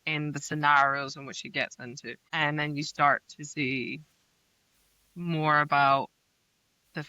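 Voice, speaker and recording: A woman's voice: deep voice, steady tone, a little slow, bright, forceful tone, no room sound, highs cut off. A woman co-hosting a casual book podcast, leading the talk with questions and playful drama. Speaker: podcast co-host. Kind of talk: casual book-club chat.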